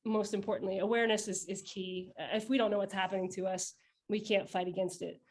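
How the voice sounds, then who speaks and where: A woman's voice: mid-range voice, steady tone, fast, slight background noise. A young adult woman guest in a casual podcast interview who talks bluntly and swears freely, with lots of fillers and restarts. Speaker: podcast guest, founder of a satire account.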